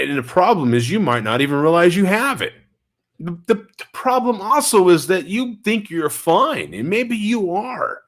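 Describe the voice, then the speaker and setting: A man vlogging casually, telling stories with energy and answering viewers' chat comments, a little stuffy in the nose. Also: high voice. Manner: animated storyteller, reads and answers chat comments.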